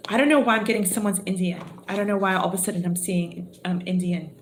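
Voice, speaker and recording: A woman reads tarot cards live, chatty and exclamatory as she thinks out loud. Her voice sits at a middle pitch. The room is echoey, with the clatter of dishes and pans audible behind her. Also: fairly even intonation, quick pace, a little hiss or hum. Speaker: tarot reader.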